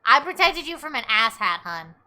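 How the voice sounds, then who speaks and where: A woman's voice: sits high, very animated, moderate pace, bright, forceful tone. A young woman streaming a game live, chatty and rambling, swearing freely and thanking viewers as she talks. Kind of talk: casual live game commentary.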